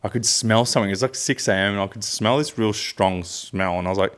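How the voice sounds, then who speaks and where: A young Australian man with a lowish voice, spinning a loose anecdote on a casual podcast. He rambles along easily and pads his sentences with fillers. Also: quick pace. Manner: rambling storyteller, lots of fillers and restarts, laughs easily. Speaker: podcast co-host. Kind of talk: casual chat.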